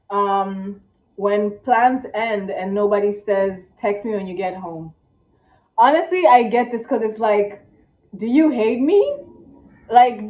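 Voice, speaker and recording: A tired young woman vlogging casually in one take, chatty and dramatic, with squeaky rhetorical questions. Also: darkish tone. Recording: echoey room, distant, dull mic.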